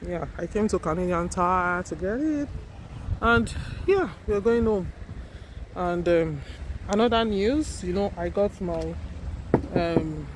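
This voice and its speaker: A woman chatting casually on her vlog, excitable and full of storytelling asides, first from a car and then at home in a small office, recorded on a handheld phone. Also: lowish voice, slow, noisy background. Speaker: vlogger.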